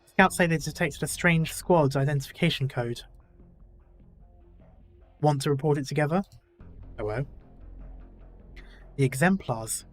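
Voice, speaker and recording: A man's voice: fairly high pitch, measured pace, pauses often, faint music behind. A male gaming YouTuber reading a game's story dialogue aloud in a casual way, with self-deprecating asides.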